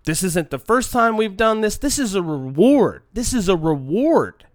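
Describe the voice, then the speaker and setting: Brief: casual, profane anecdote teller with a lively, swinging delivery, shifting from mutters to outbursts, recorded dry and close. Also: medium pitch, measured pace, no echo. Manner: profane, swings between quiet muttering and loud exasperated outbursts. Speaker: storyteller.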